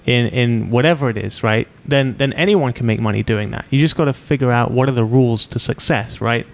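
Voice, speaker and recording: A man hosting a podcast interview, enthusiastic and quick to laugh. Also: medium pitch, gravelly. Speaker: podcast host. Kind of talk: casual interview chat.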